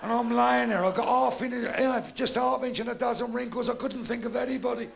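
Older man, Cockney accent, stand-up comic, gravelly, gruff deadpan, noisy live venue. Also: extremely high pitch, a little fast. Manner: gruff, bawdy, deadpan delivery. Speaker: stand-up comedian. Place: large live venue with a crowd. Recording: live stage recording with audience noise. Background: audience laughter.

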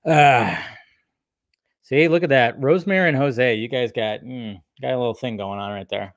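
A man's voice: fairly high pitch, moderate pace, no echo, clean studio sound. A man hosting a casual livestream, reading and answering chat in a rambling, laid-back way. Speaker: YouTube host answering live chat.

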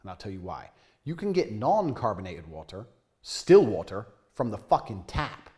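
A man's voice: on the low side, sing-song, normal speed, dark tone. A man giving a boastful, profane monologue to camera with a brash, swaggering manner. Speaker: man filmed talking about his lifestyle.

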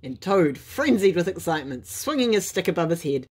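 A woman reads a bedtime story with lively, animated expression. Her voice sits a little low and has a gentle huskiness. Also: brisk, slightly rough.

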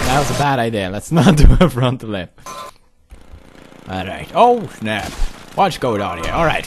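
A young man commenting on a video game in an excitable way, often laughing, swearing and shouting. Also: mid-range voice. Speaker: gaming video host. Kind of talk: let's play commentary.

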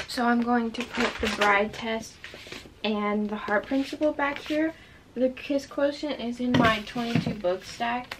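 A woman's voice: on the high side, steady tone, slow, heavy background noise. A woman chatting casually and enthusiastically about her books as she sorts a shelf, easily sidetracked. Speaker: book vlogger. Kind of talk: casual chat. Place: bedroom with a running fan.

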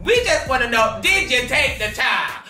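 A woman hosting a gossip show, loud and swearing, who laughs and shouts a lot. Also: a little high, big pitch swings, moderate pace, echoey room, distant mic, faint music behind. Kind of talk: loud casual gossip commentary.

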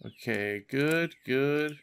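A man hosting a let's play, excitable and joking as he talks to himself while playing. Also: mid-range voice, drawn-out words, creaky, heavy background noise. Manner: excitable, joking, self-talking. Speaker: gaming channel host.

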